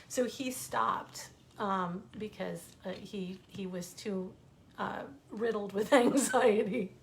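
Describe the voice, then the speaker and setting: Middle-aged american woman spinning a yarn at home, chatty, mid-pitched, does little voices for people. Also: slow, vocal fry. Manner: chatty, animated, acts out quoted voices. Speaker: author reading stories online. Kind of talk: casual storytelling.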